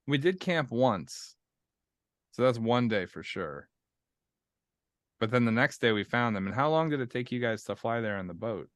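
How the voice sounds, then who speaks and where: A man's voice: mid-range voice, lively intonation, moderate pace, pauses often, no room sound. A man playing in a tabletop game and hosting the podcast, chatting casually with restarts and easy swearing. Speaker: player and podcast host. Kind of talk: casual chat among players.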